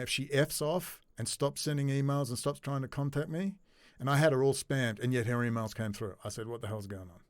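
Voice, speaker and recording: A man delivers a ranting solo commentary in a mid-pitched voice. He is sarcastic, drops to low muttering and then bursts out loud and mocking. The recording is dry, with no room sound. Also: no room sound. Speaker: commentary host.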